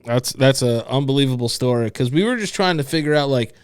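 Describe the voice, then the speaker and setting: A man's voice: mid-range voice, fast talker, clean tone, dry recording, clean studio sound. A man co-hosting a podcast with his father, joking loosely and leaning on a lot of filler words. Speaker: podcast co-host. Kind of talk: casual podcast banter.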